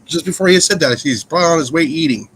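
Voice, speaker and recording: A man's voice: on the high side, lively intonation, fast, a bit bright, a little hiss or hum, rough recording. A man chatting casually on a live stream, mostly giving short, offhand replies. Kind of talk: casual chat.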